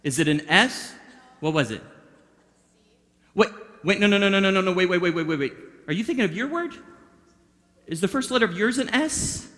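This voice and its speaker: Directing volunteers and chatting playfully, a magician performs mind reading for a youth audience. His high voice is expressive and fairly bright, moving at normal speed with long pauses, and a long hall reverb surrounds the interactive stage patter.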